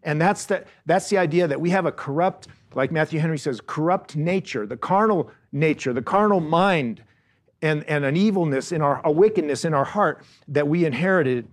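A man preaching a Bible lesson, earnest, often repeating words and slowing down to stress key phrases. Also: on the high side. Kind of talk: Bible teaching sermon.

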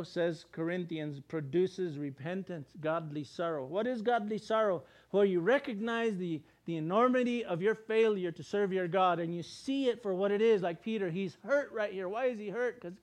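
A man preaching a sermon in a conversational, emphatic way, using plain everyday words and briefly acting out the people he quotes. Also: sits high. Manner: acts out the people he quotes in quick voices.

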